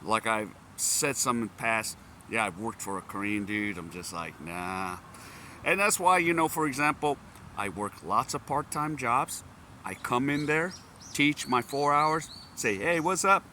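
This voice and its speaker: A man's voice: mid-range voice, lively intonation, a little slow, sharp tone, slight background noise. A man from the United States talking in a casual vlog, who laughs often and breaks into amused exclamations.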